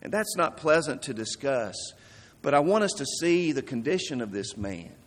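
A man preaching a sermon in an earnest, emphatic way, letting his voice sink low at key words. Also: big pitch swings, moderate pace. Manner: earnest, emphatic, dramatic drops in volume. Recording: long reverb of a large hall.

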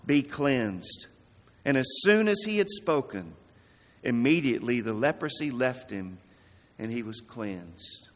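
A man preaching a sermon in an earnest, emphatic way, letting his voice sink low at key words. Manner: earnest, emphatic, dramatic drops in volume. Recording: long reverb of a large hall.

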